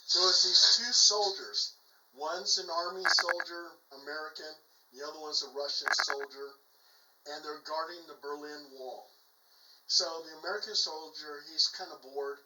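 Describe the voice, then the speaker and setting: A man tells a joke in a casual chat with lively, animated storytelling. His voice is sharp and bright, a little higher than most men's. He sounds some way off from the mic in an echoey room. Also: moderate pace, distant mic.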